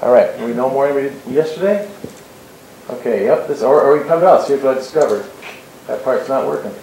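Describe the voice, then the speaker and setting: A man's voice: mid-range voice, lively intonation, a little fast, mellow. A man telling a story to an audience about his employee, in a loose conversational way with asides like "right?". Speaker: employer and co-presenter. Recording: very echoey hall, faint noise.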